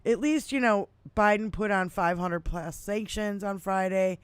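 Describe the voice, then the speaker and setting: A woman in her fifties rants through a casual political podcast chat, cursing freely and breaking into laughs. Her voice is smooth and resonant at a middle pitch, and it sounds dry and close with no room echo. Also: unhurried. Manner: profane, animated, laughs often. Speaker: podcast co-host.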